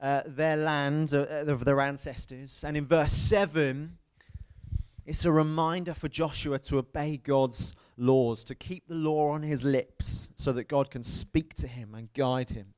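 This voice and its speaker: A man preaching a sermon in a church, telling stories in a lively way and often checking with the congregation. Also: fairly high pitch, unhurried, smooth. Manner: lively storytelling, asks the crowd "right?". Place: church hall.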